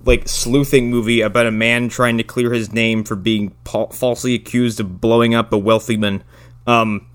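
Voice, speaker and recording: A man's voice: medium pitch, little pitch movement, normal speed, smooth. A man co-hosting a podcast, giving wry, rambling commentary in casual movie chat.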